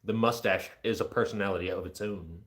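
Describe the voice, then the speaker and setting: A man's voice: fairly low pitch, steady tone, fairly quick, fairly bright tone. A man in his thirties chatting casually on a livestream, joking, self-deprecating and easily distracted. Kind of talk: casual rambling livestream chat.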